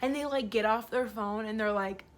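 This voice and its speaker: A woman's voice: on the high side, moderate pace. A woman vlogger telling a story in a casual, rambling way, full of fillers. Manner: rambling, filler-heavy, animated retelling.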